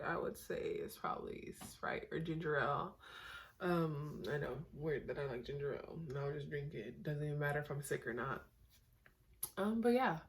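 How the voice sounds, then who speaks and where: A young woman from Northern California, chatting casually to her camera, rambling with lots of fillers and a tired, goofy manner. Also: low-pitched. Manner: goofy and tired late at night. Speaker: vlogger.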